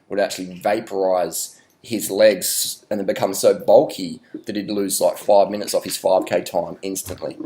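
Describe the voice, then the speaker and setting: An Australian man vlogging a rambling, deadpan sarcastic rant, swearing now and then. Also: low-pitched.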